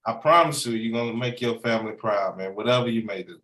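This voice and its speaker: A man's voice: on the low side, quick pace, echoey room, poor audio. A man hosting a sports interview show, chatting casually and encouraging his guest, often saying "man". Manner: warm, encouraging, repeats "man". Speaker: host.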